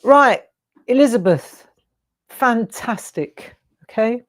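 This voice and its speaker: A woman's voice: fairly high pitch, expressive, takes it slowly, dry recording. A woman in her sixties hosting a craft show, chatty and effusive, gushing over viewers' artwork with storytelling asides. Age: 60s.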